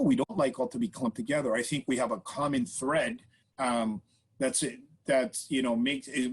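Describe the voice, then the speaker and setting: Husky man explaining with many "right?" tags. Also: mid-range voice, poor audio. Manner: earnest, explanatory, frequent "right?" and "you know" tags. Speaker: podcast guest. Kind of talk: casual interview talk.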